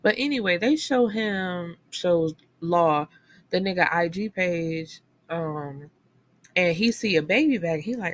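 Animated profane woman recapping a book. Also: fairly low pitch, slow, slight background noise. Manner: animated storytelling, profane, swings into character quotes. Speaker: book podcast host.

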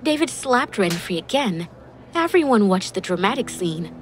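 A woman's voice: mid-range voice, very animated, moderate pace, a little hiss or hum. A woman reading a dramatic story as narrator. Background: faint background music.

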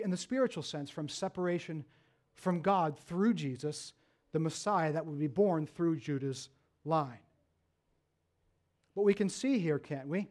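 High-voiced man preaching a sermon. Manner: earnest preaching, dropping low and soft then rising with emphasis. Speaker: pastor.

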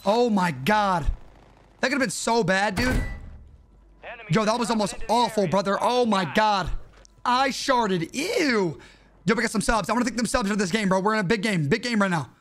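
Young male streamer, high voice, excitable slangy trash talk, noisy stream audio. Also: moderate pace. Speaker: gaming streamer. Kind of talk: live game stream commentary.

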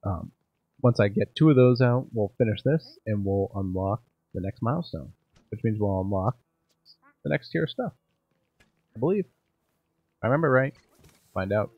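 Gravelly, husky gaming commentator. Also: male voice, lowish voice, lively intonation, moderate pace, long pauses, no room sound, muffled recording. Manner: casual, self-deprecating, thinking aloud. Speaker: gaming channel host. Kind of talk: let's play commentary.

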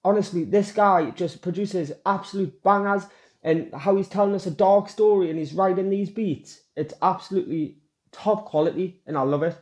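A man's voice: sits high, moderate pace, darkish tone. A man hosting a reaction video, explaining rap lyrics to his viewers in a casual, earnest way and getting emotional.

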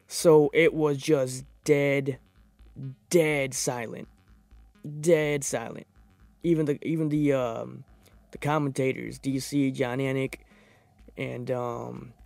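A young man hosting a podcast, reviewing fights in a profane, rambling, excitable casual monologue. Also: on the high side, slow, vocal fry, long pauses, no echo, soft background music. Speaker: podcast host.

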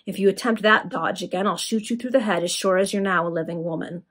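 A woman voicing a gruff, coolly threatening male grave robber in a casual read-aloud of a Victorian serial, slightly husky. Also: medium pitch, steady tone, quick pace, a bit bright, close to an everyday voice. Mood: coldly threatening.

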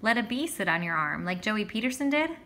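A woman reading a storybook, voicing an excited, bossy schoolgirl who sounds squeaky and insistent. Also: fairly quick, slight background noise.

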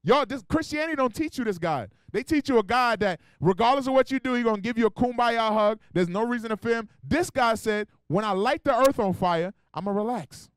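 A man's voice: very high voice, brisk, few pauses, a bit bright, clean tone, no echo. A man teaching as an officer in a sermon, emphatic and colloquial, calling out verses for a reader. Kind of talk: street-style teaching sermon.

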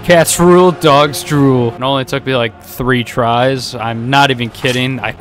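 A man's voice: medium pitch, little pitch movement, unhurried, fairly bright tone, faint music behind. A young man giving sarcastic, swearing let's-play commentary as a gaming YouTuber. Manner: sarcastic, swears, jokes at the game.

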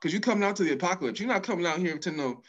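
A man in a casual chat as co-host, easygoing, with hesitant restarts and quick affirming replies. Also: sits high, animated, dull audio.

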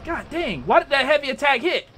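A young man commentating his own gameplay, trash-talking a boss with loud yelps and exclamations. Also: extremely high pitch, very animated, brisk, slight background noise. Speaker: gamer playing a boss fight.

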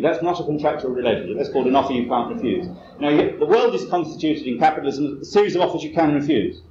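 A man's voice: mid-range voice, lively intonation, quick pace, hardly any pauses, dark tone. A man giving a lecture at a conference, talking in a wry, digressive way with self-deprecating asides. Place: lecture hall. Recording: roomy, muffled cassette recording with faint hiss.

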